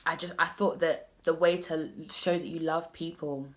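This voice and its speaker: A woman's voice: deep voice, fairly even intonation, moderate pace. A woman in her twenties talking straight to the camera in a heartfelt vlog, earnest and personal, often restarting her sentences. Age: 20s. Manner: earnest, direct address with many restarts. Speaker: vlogger. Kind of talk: heartfelt self-love vlog talk.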